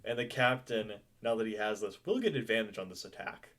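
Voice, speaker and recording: A man's voice: lowish voice, expressive, a little fast, fairly bright tone. A young man running a tabletop game as game master, chatty and loose, laughing and swearing casually.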